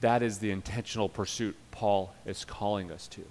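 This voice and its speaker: A man's voice: fairly low pitch, fairly even intonation, normal speed, a little hiss or hum. Earnest male pastor preaching in a reverberant hall. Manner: emphatic, swings from loud urging to quiet earnest. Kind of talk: sermon.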